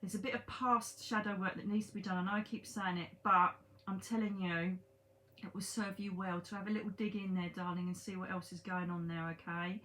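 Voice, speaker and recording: A woman's voice: medium pitch, flat delivery, a little fast, a bit bright, a little hiss or hum. A woman who works as a psychic medium, giving a chatty, emphatic reading straight to the listener, repeating words for stress, swearing casually and calling them darling. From Britain. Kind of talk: casual one-to-one reading to camera.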